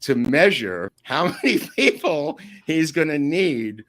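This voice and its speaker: A man telling stories as an interview guest, animated and often laughing mid-sentence. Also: on the high side, slow pace, slight background noise. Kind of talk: storytelling anecdotes in an interview.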